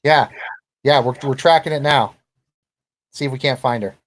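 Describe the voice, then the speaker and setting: Man voicing a brusque male agent, barking orders, mid pitch. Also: normal speed, lightly acted. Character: gruff male federal agent, curt and commanding.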